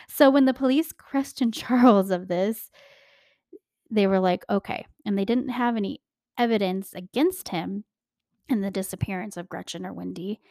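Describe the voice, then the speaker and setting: A young woman hosting a casual true-crime podcast, chatty and animated, laughing often and talking straight to her listeners. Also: mid-range voice, unhurried, pauses often, no room sound, studio quality. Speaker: podcast host.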